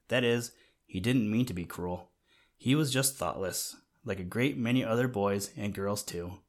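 A man reading a children's storybook aloud in a gentle way, talking to the listener now and then. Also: lowish voice, normal speed. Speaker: narrator.

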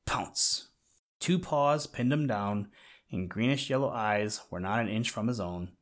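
A man's voice: lowish voice, moderate pace. Man reading a children's storybook. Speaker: audiobook narrator. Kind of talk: scripted narration of a children's story.

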